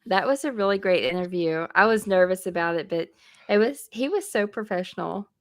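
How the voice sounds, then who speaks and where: A woman's voice: medium pitch, expressive, fairly quick. Easygoing female podcast co-host. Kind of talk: casual chat.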